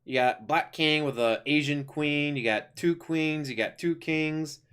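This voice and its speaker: A man giving a casual, rambling review of an animated series, enthusiastic, with lots of fillers and restarts. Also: on the high side, unhurried, clear, resonant tone. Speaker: YouTuber reviewing an animated show.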